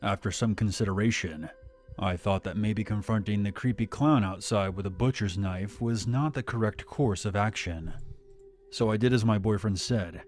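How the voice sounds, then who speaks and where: A man reads a scripted horror story aloud in a steady, measured voice. His voice sits on the low side. Faint music plays underneath. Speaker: narrator.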